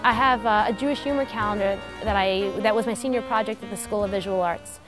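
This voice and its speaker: A woman's voice: mid-range voice, fast talker, music in the background. A young adult woman cartoonist speaking in an interview, upbeat and earnest.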